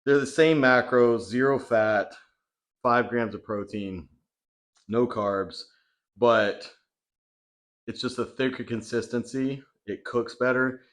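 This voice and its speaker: A man's voice: medium pitch, takes it slowly, pauses often. A young man chatting casually in a vlog, talking loosely with lots of fillers from his home kitchen. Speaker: bodybuilding vlogger.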